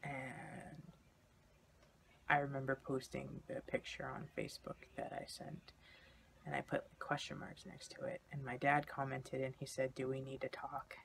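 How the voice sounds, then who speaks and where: A man's voice: mid-range voice, monotone, measured pace, creaky, fairly bright tone, slight background noise. A young man candidly telling a personal story in a vlog, in a confessional way. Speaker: vlogger.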